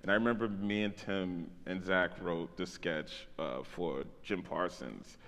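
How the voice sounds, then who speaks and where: A man's voice: sits low, steady tone, unhurried, fairly bright tone, big-room sound. A man telling a funny backstage story on a conference stage, laughing through his words. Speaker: comedy writer and panel guest. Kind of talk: stage conversation telling an anecdote. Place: conference stage in a large hall.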